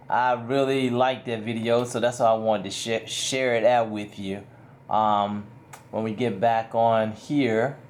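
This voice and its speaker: A man talking to his son in a home lesson, explaining plainly and a bit ramblingly. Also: medium pitch. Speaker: parent teaching his son.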